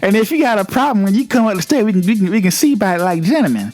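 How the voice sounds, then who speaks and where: A man's voice: high voice, very animated, rapid-fire, a little mellow, soft background music, voice pushed up. A man imitating a rude, short-tempered assistant manager of a store who insults a customer. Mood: boastful. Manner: impatient, insulting, snapping.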